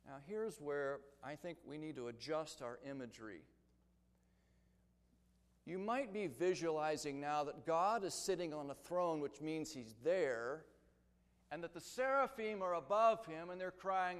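A man preaching an expository sermon, building to loud, emphatic crescendos. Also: a little high, expressive, unhurried. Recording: long reverb of a large hall.

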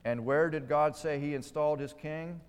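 A man's voice: a little high, fairly even intonation, moderate pace, clean tone. A man preaching a sermon, stressing key words and putting rhetorical questions to his listeners. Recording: long hall reverb.

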